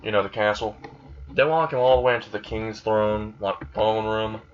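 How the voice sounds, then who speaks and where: A man's voice: lowish voice, fairly even intonation, moderate pace. A man casually retelling a fan what-if story in a rambling, crude way. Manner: rambling, crude, laughs at his own plot. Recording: slightly dull recording with faint hiss.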